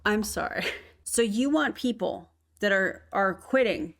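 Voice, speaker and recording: A woman's voice: mid-range voice, animated, unhurried, fairly bright tone. A woman, hosting a reaction commentary and talking in an incredulous, critical, sarcastic way. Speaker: commentary host.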